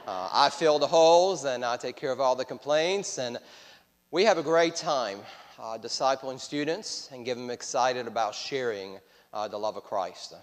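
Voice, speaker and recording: A Frenchman with a mid-range voice and a French accent preaches at a moderate pace as a guest speaker in a church. His sermon is friendly and self-deprecating, full of hesitations, and the recording carries the reverb of a church hall.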